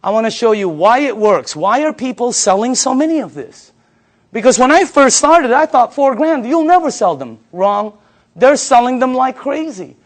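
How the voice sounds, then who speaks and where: A man in his fifties giving a sales pitch to a live audience. He tells stories in an animated way and repeats the audience's answers back to them. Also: moderate pace. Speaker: sales presenter.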